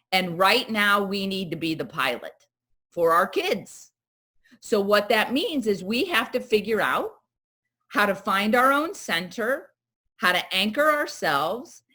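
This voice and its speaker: A middle-aged woman presenting at a parent wellness event, telling stories and acting out the voices of the people in them. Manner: animated, acts out quoted voices with big jumps in pitch. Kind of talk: lively talk with acted-out scenes.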